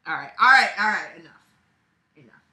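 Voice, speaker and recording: A woman's voice: medium pitch, lively intonation, fairly quick, pushed and bright. A woman reading a web story aloud at home, with sarcastic asides and laughter while playing with her cat. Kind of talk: casual reading with commentary.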